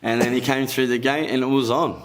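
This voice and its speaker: An Australian man chatting as a podcast guest, easygoing and quick to laugh. His voice sits at an ordinary middle pitch, and his stories come out loose and matter-of-fact. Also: steady tone, slight background noise. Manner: laid-back storyteller, laughs often, Australian slang. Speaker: boxer guest. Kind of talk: casual podcast chat.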